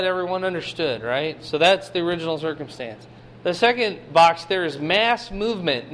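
A man's voice: high voice, fairly bright tone, slight background noise. A man in his fifties preaching a casual sermon in a folksy way, with joking asides. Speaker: pastor.

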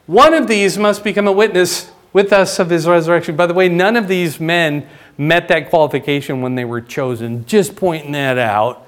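Man preaching with frequent check-ins. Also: moderate pace. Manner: conversational teaching, frequent "right?" and "okay?" check-ins; rises in pitch and volume for emphasis. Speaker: pastor. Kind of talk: sermon.

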